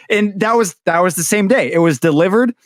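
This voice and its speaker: A man's voice: high-pitched, normal speed, no room sound, clean studio sound. A man co-hosting a podcast, telling a rambling, self-deprecating story in casual chat. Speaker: podcast co-host.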